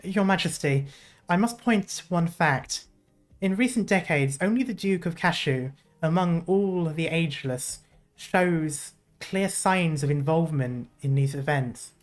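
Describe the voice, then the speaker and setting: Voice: mid-range voice, measured pace, soft background music, close to an everyday voice. A streamer voicing a cautious court advisor and spymaster, reading in a careful, formal, deferential way with a put-on British accent. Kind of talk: reading a game story aloud.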